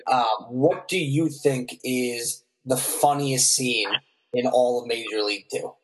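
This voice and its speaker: A man's voice: mid-range voice, a little slow. A man hosting a casual sports podcast, asking the questions in an easygoing way.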